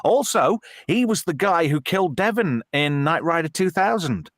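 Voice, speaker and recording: Animated man hosting a chat. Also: fairly high pitch, normal speed, no echo, clean studio sound. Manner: chatty, self-deprecating storyteller. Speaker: host of a live film chat panel. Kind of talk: casual live-stream chat.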